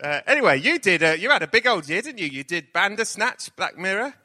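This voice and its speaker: Bright-voiced man hosting live in a theatre. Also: sits high, very animated, a little fast. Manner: jokey, playful introductions. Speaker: podcast host. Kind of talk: live podcast hosting before an audience. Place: theatre stage with live audience. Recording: reverberant live theatre sound.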